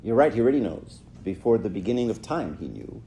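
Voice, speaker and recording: This middle-aged church speaker talks fast in a lowish, dark voice with big pitch swings, a little hiss or hum in the recording. Addressing youth informally, he acts out short quotes and frequently asks "right?"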